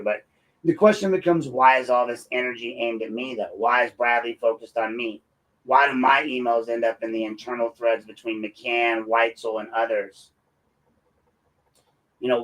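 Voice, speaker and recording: A man's voice: mid-range voice, fairly bright tone, rough recording. A man hosting his own show, ranting in a combative and mocking commentary. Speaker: host and local activist.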